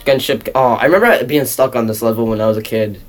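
Young male let's-play gamer, excitable and self-mocking, casual running commentary. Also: mid-range voice, fast talker, faint music behind.

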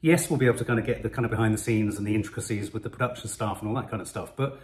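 A man's voice: on the low side, very fast. A middle-aged man co-hosting a film reaction show, musing in casual chat. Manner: chatty, musing, lively delivery. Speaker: co-host of film reaction channel.

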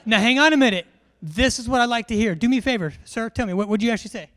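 A man, an instructor giving a humorous, animated briefing to a large class and quizzing the crowd. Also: extremely high pitch, rapid-fire. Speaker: military education instructor.

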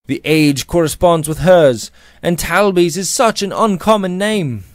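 A man's voice: sits high, unhurried, no echo, clean studio sound, voice pushed up. A man voicing George, a shaken young soldier. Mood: anguished. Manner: hesitant, then cries out in anguish. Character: young former dragoon, stunned and grief-stricken widower. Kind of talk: audiobook character reading.

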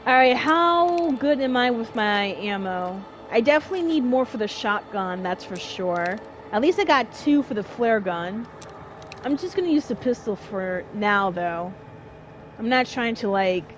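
A woman giving casual let's-play commentary on a horror game, chatty and excitable, talking to herself and shouting at the game. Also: medium pitch. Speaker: gamer playing a horror game.

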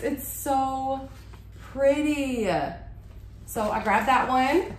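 A woman's voice: sits high, very slow, echoey room, a little hiss or hum. A woman, chatting casually and gushing as she shows off a shopping haul at home. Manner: chatty, gushing, says y'all a lot. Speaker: haul vlogger. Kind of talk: casual show-and-tell haul. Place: room at home with a bookshelf.

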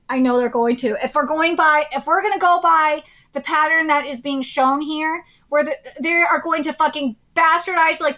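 A woman's voice: sits high, pushed and bright. A woman hosting an anime commentary channel, talking casually, exasperated and pleading, with frequent swearing.

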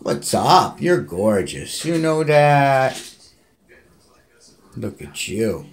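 A man filming at home, cooing to his cats in high baby talk with chatty asides, recorded on a handheld phone. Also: very animated, takes it slowly, a little hiss or hum. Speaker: cat owner filming his pets. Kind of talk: casual home video, talking to cats. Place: home bathroom, indoors.

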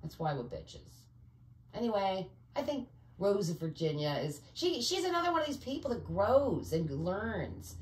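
A woman's voice: mid-range voice, very animated, moderate pace, a little mellow, reverberant. A woman talking to camera in a rambling, digressive monologue, often searching for words and filling with "you know.". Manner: conspiratorial, speaks in asides. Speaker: vlogger.

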